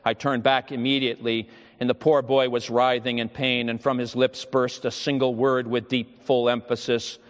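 A man's voice: medium pitch, little pitch movement, normal speed. A pastor, a man, preaching a sermon with solemn storytelling and prayer in a church hall. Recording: long hall reverb.

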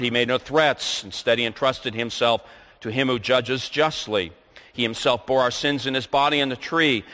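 Male preacher, sermon delivery, bright and forceful voice, long reverb of a large hall. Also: mid-range voice. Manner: reads scripture aloud, then explains it.

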